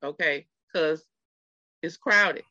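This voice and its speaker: A middle-aged podcast host spins a story at an easy, unhurried pace, talking straight to the listeners. The voice sounds bright and forward. The sound is dry and close, a little dull and lo-fi. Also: medium pitch, no room sound. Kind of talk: casual podcast chat.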